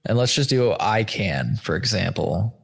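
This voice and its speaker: A man's voice: lowish voice, lively intonation, unhurried, creaky, breathy edge. A man hosting a casual screen-share chat, loose, stoned and a bit profane as he walks through search results. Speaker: host.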